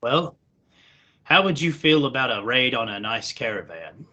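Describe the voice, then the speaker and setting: A man's voice: mid-range voice, expressive, normal speed, bright, forceful tone, lo-fi sound, pitched below the performer's own voice. A man voicing an older adventurer who speaks formally while dealing with goblins in a tabletop game. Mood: scheming.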